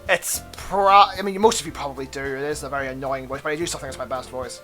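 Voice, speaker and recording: A man's voice: mid-range voice, steady tone, fast talker, sharp tone, faint music behind. A young man hosting a let's play, chatting casually, laughing often, swearing and stopping to rant about the game.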